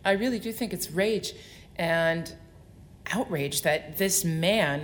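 Low-voiced soprano woman, expressive talk. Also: moderate pace, slight background noise. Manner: articulate and expressive, explains at length. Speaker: opera soprano. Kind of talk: onstage interview before an audience.

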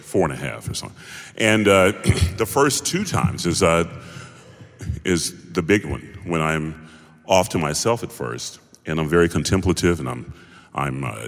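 A man, a singer-actor in a musical, speaking thoughtfully and haltingly in a panel interview. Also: very deep voice. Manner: thoughtful, halting, many restarts. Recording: hall reverb.

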